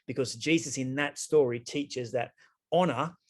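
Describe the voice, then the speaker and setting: A man's voice: medium pitch, moderate pace. A middle-aged man, giving a conversational sermon to an online group, chatty, with frequent restarts and asides. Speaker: pastor.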